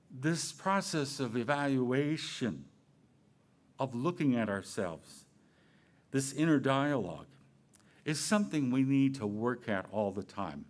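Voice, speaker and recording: A man giving a Sunday talk in a relaxed, conversational way, with playful asides and questions to himself. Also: medium pitch. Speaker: minister. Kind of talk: sermon.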